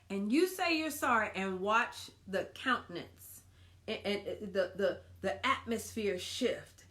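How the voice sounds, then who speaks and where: A woman's voice: fairly high pitch, a bit bright. A woman hosting a faith-based marriage tips talk, earnest and encouraging, often repeating phrases for emphasis. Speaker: marriage ministry host.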